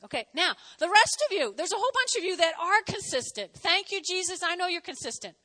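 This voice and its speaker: Brief: woman pastor, high voice, quick chatty delivery, self-mocking asides, sermon. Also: big pitch swings, sharp tone. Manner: fast-talking. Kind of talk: sermon and offering appeal.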